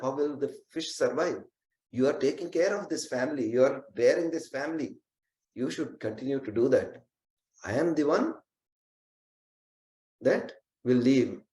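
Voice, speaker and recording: A man's voice: medium pitch, darkish tone, close to an everyday voice. A man voicing a devoted Brahmin wife who begs, earnestly, to be the one to go. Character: devoted Brahmin wife offering her life. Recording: roomy echo.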